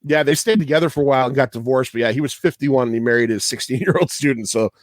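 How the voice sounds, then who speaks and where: A podcast host, a man, rambles through his trivia in loose, profane chat and laughs at his own asides. His voice sits at a middling pitch. The recording is dry and close, with no room sound at all. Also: fast, dry recording.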